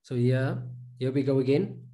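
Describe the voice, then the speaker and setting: A man's voice: mid-range voice, dark tone. A man teaching reading in a recorded pronunciation lesson, patiently drilling syllables and repeating each sound several times. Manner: patient, drills syllables with many slow repetitions.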